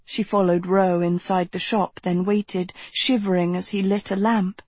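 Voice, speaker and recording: A woman narrating a novel in an even, measured reading, recorded close to the mic. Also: on the low side, husky, no room sound. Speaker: audiobook narrator. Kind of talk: scripted narration.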